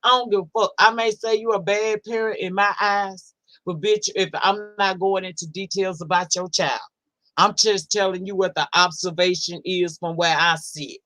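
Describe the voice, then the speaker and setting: A woman's voice: medium pitch, steady tone, normal speed, fairly bright tone, no echo. A woman hosting a casual livestream, reading out chat comments in a blunt, profane, sassy way and drawling words for emphasis. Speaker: livestream host.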